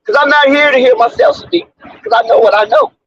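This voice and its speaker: A man with a very high voice and big pitch swings delivers an off-the-cuff sports commentary monologue on his own channel, brisk and a bit bright. He's emphatic, preachy and repetitive, using street slang, and the dry recording sounds dull and lo-fi.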